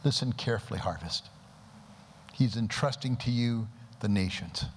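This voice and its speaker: A man's voice: lowish voice, normal speed. Fervent preacher man in a reverberant hall. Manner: fervent, praying aloud and exhorting with rhetorical questions. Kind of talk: sermon. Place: church service before a congregation. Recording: long hall reverb with faint background noise.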